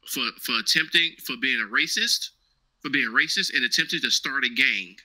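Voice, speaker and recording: A man's voice: mid-range voice, normal speed, poor audio. A man guest on an interview show, telling casual, slangy stories and acting out the dialogue in them. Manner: animated, slangy, acts out quoted dialogue. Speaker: guest, former Marine now cloud engineer.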